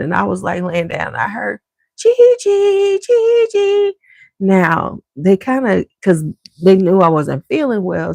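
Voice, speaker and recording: A middle-aged woman vlogger rambles through a family story in a loose, chatty way, speaking directly to her viewers. Her fairly low voice has a gravelly edge, and the sound from her home basement is close and dry with no room echo.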